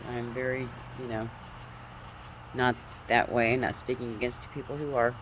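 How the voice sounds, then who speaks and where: At night on her porch, a woman vlogger speaks into a phone, telling a dream and offering spiritual encouragement in a rambling, earnest monologue that repeats her phrases. Her rumbling low voice is flat and at normal speed. Crickets, insects and passing vehicles make background noise.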